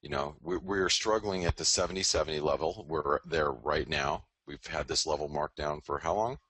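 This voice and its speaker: A man's voice: very deep voice, normal speed, fairly bright tone, slightly rough, no room sound. A man hosting a live forex market show, rambling casually through charts and often correcting himself.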